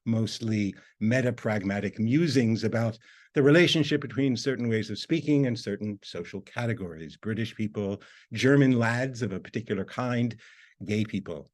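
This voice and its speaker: A man giving an academic video lecture as a university lecturer, explaining in a measured way. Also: lowish voice, a little mellow.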